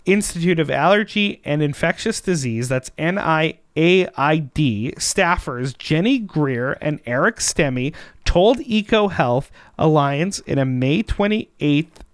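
Male podcast host, slow and emphatic, smooth voice, dry close mic. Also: a little high, lively intonation, no room sound. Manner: emphatic, sarcastic. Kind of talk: political commentary chat.

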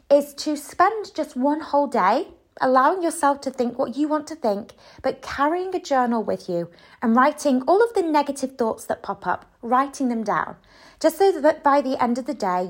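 A woman podcast host and coach giving conversational advice, with frequent "you know" and "sort of" fillers. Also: fairly high pitch.

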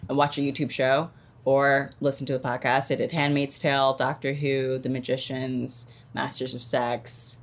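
Woman, low voice, rambling, self-deprecating, laughs a lot, podcast guest chat. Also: little pitch movement, moderate pace. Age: born during the Cold War. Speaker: guest actress and former podcast host.

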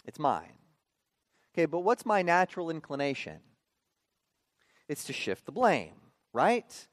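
A man in his thirties preaching a sermon as a pastor, often checking in with the listeners with quick rhetorical "okay?" and "right?". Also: a little high, big pitch swings, no room sound, studio quality.

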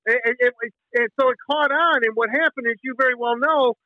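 Over a tinny phone line, a very high-pitched, slightly fast middle-aged Michigan man rambles through a story in a casual interview. A sports radio host, he uses many fillers and restarts and breaks into the team song. The recording is dry.

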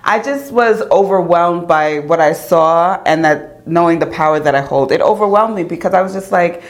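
A woman's voice: on the low side, normal speed. A woman hosting a podcast, chatting candidly and laughing easily with her guest. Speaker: podcast host. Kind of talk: casual podcast chat.

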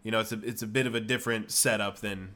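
A man's voice: on the low side, steady tone, quick pace, pushed and bright. A man hosting a casual video-call interview, chatting in a friendly, easygoing way. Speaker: host.

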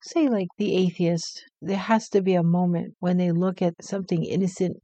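A woman co-hosting a podcast book discussion, playful, teasing and quick to laugh. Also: on the low side, fairly even intonation, mellow. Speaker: podcast co-host. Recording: dull, lo-fi sound.

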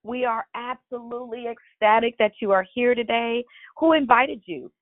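Through a tinny phone connection, a woman runs a church prayer call, her delivery warm, encouraging and preacherly. She speaks at a normal speed in a fairly high voice, with no echo.

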